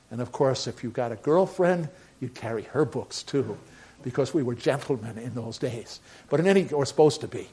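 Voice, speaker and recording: A man's voice: mid-range voice, a little mellow, breathy edge. An older man, a pastor, preaching a sermon in a conversational way that rises into emphatic bursts.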